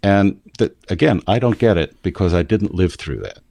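Man, standard American accent, deep, measured, explanatory, dry recording. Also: expressive, creaky, darkish tone, no echo. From United States. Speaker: commentator. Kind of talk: casual discussion.

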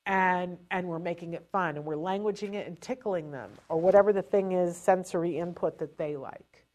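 A woman giving parents casual spoken advice in a lively, chatty way, often restarting her sentences. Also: lowish voice, normal speed. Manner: animated and chatty, with frequent restarts. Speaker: advisor to parents on child language delay.

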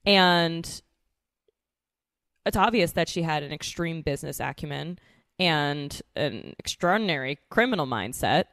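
A woman's voice: sits low, lively intonation, measured pace, fairly bright tone, no echo, clean studio sound. A young adult woman from New York City co-hosting a podcast, chatting casually and joking with frequent restarts. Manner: chatty, jokey, prone to restarts. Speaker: podcast co-host. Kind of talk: casual chat.

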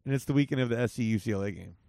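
A man in his forties hosts a podcast and banters with an old friend, swearing freely and joking. His voice sits at a middling pitch. It is recorded close and dry, with no room echo. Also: racing, creaky, dark tone. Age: 40s. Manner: loose, profane, joking banter. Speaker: podcast host. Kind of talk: casual chat. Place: Las Vegas.

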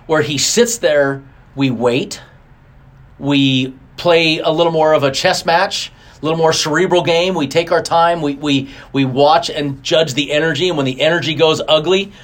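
Animated, high-pitched male racing guest. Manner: animated, acts out quotes with big pitch jumps. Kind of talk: casual interview storytelling.

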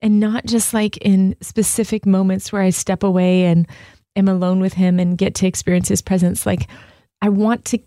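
A woman's voice: mid-range voice, flat delivery, moderate pace, dark tone, dry recording, clean studio sound. A woman co-hosting a casual devotional chat, speaking earnestly and from the heart, with many "like" fillers. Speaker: co-host.

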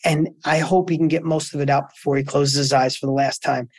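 A man's voice: fairly quick, dry recording. Emphatic man telling motivational stories. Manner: emphatic, storytelling, animated pitch swings. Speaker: guest entrepreneur. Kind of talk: motivational interview talk.

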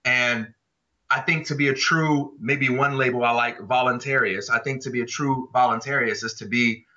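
A man's voice: mid-range voice, fairly even intonation, normal speed, sharp tone. A man co-hosting a podcast, arguing his views in passionate, emphatic casual talk. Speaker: podcast co-host. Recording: dull lo-fi audio.

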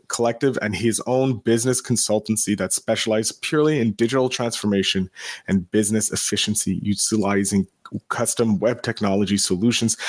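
A man hosting a podcast, upbeat and salesy as he pitches offers and introduces his guest. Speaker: podcast host.

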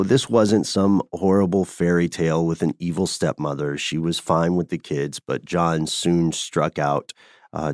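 A man's voice: low-pitched, a little mellow, dry recording, clean studio sound. A man co-hosting a podcast, telling a history story in a conversational, playful way. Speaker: podcast co-host. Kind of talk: casual chat.

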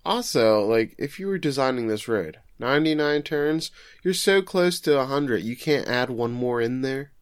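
A man's voice: medium pitch, expressive, moderate pace, hardly any pauses, smooth, no echo, clean studio sound. A man co-hosting a casual podcast, recapping an episode with joking, sarcastic asides. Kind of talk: casual chat.

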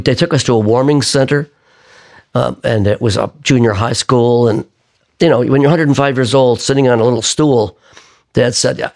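A man's voice: mid-range voice, creaky. An older man telling a long story in a casual, rambling way, often restarting his sentences. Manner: rambling, self-correcting raconteur. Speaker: singer-songwriter guest.

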